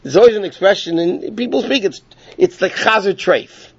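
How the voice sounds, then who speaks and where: A man's voice: sits high, lively intonation, normal speed, vocal fry, slightly rough, no room sound. A man teaching a class through casual, rambling stories, often breaking off mid-sentence. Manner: casual, rambling, self-interrupting. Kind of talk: informal storytelling lesson. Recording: dull lo-fi dry recording.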